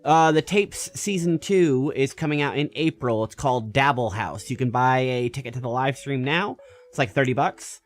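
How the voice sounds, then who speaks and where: A man's voice: mid-range voice, moderate pace, faint music behind. Man chatting while streaming a game. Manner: relaxed, hesitant, many "uh" and restarts. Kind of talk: casual voice-chat while gaming.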